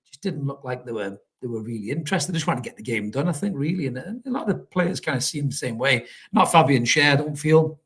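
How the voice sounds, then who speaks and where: A man's voice: mid-range voice, animated, fast talker, a bit bright. Chatty man swearing freely. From North East England. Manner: chatty, swears freely, calls listeners mate. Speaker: fan channel host reading live chat. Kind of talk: casual live stream chat.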